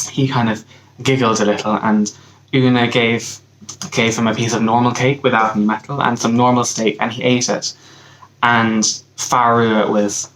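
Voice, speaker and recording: A young Irish man, a camp counselor, casually telling a folk tale in a relaxed, hesitant way with pauses and restarts. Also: medium pitch, a little hiss or hum, rough recording. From Ireland.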